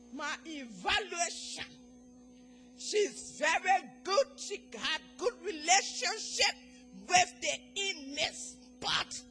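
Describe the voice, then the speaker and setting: A middle-aged African woman with an African accent gives an emotional church testimony, moving between quiet talk and shouted praise. Her voice sits high.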